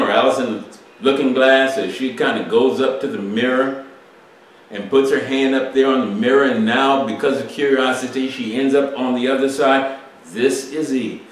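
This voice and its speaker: A male preacher giving an emphatic expository sermon, asking rhetorical questions and swinging between loud and soft. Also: mid-range voice. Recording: echoey room, distant mic.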